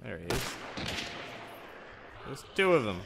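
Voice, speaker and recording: A man streaming a multiplayer game, laughing often and swearing loudly as the action swings. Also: mid-range voice, big pitch swings, slow, vocal fry, very noisy. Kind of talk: casual gaming stream chat.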